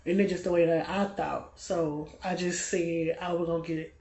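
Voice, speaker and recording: A man in his late twenties telling a personal story to his vlog audience in a relaxed, conversational way, often dropping into a soft, low-key delivery. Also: moderate pace. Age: late 20s. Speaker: vlogger. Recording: echoey room with loud background noise.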